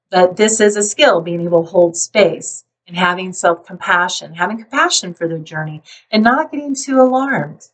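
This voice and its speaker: A woman psychologist calmly explaining parenting and resilience, now and then acting out a worried parent. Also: fairly low pitch, far from the mic, low-quality recording. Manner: calm, explanatory, acts out worried parents in quick asides. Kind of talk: talking to camera about parenting.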